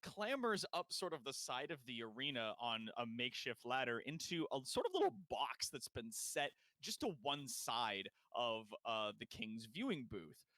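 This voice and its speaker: A man's voice: medium pitch, sing-song, normal speed, hardly any pauses, sharp tone, no echo. A man narrating a tabletop game as game master, rambling with many fillers.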